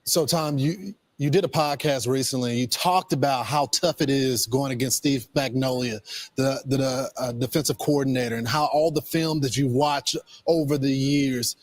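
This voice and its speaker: A man's voice: mid-range voice, normal speed, no echo. Man asking sports interview questions.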